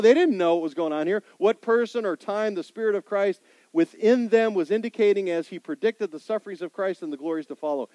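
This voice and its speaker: A man's voice: high voice, darkish tone, dry recording. A man preaching a sermon as pastor, emphatic, repeating key points and asking his listeners questions.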